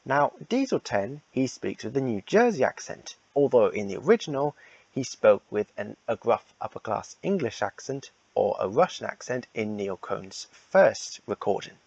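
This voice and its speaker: A man's voice: medium pitch, big pitch swings, moderate pace, creaky, a little mellow, no echo, highs cut off. A man casually announcing the casting for a fan redub, rambling and repeating himself.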